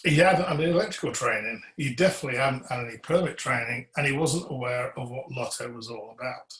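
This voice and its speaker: A man's voice: mid-range voice, fast, fairly bright tone. A man presents a webinar on electrical compliance in an earnest, emphatic way. His voice sits in a middle register. The audio carries a noticeable roomy echo. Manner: earnest, emphatic, asks the audience pointed questions; cues slides to a colleague.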